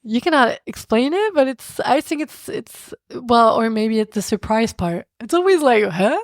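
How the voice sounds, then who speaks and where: Animated French woman with dry sound. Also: a little high, normal speed, no room sound. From France. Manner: animated, laughs often, restarts sentences. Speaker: guest. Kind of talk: casual conversational interview.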